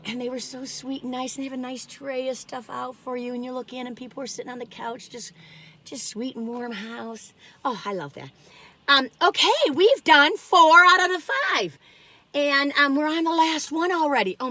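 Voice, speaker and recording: A woman's voice: on the high side, a bit bright, dry recording. A woman vlogging alone from her parked car, rambling through stories and exclaiming often. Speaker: food review vlogger. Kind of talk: chatty solo vlog.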